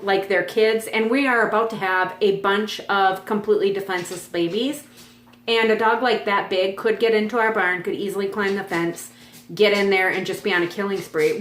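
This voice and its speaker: A woman's voice: mid-range voice, fairly bright tone, reverberant. A woman in her forties on a farm, chatting in a rambling, casual way with frequent fillers. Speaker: vlog host. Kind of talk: casual chat. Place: home on a farm.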